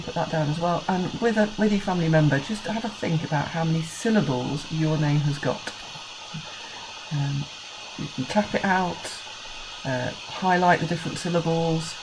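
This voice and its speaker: Low-voiced English teacher explaining patiently. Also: female voice, background noise. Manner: slow, clear counting of syllables for children. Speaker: primary school teacher. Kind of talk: recorded screencast lesson.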